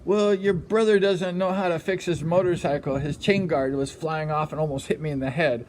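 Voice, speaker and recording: Man playing a gruff, annoyed racer. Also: on the high side, steady tone, moderate pace, darkish tone, a little hiss or hum, close to an everyday voice, low-quality recording. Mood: irritated. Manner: curt, dismissive.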